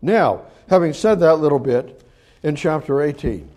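A man preaching a sermon on scripture, emphatic and repetitive, swinging from loud pleas to quiet asides. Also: on the high side, expressive, moderate pace.

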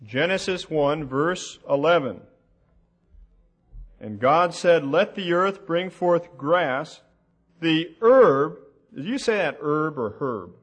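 A man teaching a sermon from the Bible, slow and deliberate, asking the audience questions as he reads out passages. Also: a little high, animated, breathy edge. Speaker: preacher.

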